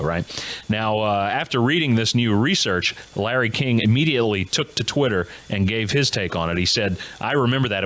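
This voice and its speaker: Male comedy host, low voice with bouncy intonation, cracks himself up between jokes. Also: a bit bright. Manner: jokey, laughs at his own gags. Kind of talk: comedic news monologue.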